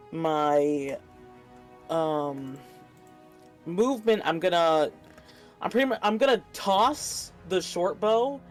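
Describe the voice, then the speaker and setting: Slow, hesitant tabletop player. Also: mid-range voice. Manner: hesitant, many ums and uhs, adds up dice aloud. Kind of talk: casual game talk.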